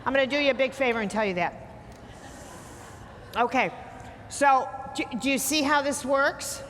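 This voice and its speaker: A woman's voice: high-pitched, normal speed, a bit bright, slight background noise. A woman giving a blunt, emphatic talk to a live audience, teasing her listeners as she lectures. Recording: hall reverb with faint ambience.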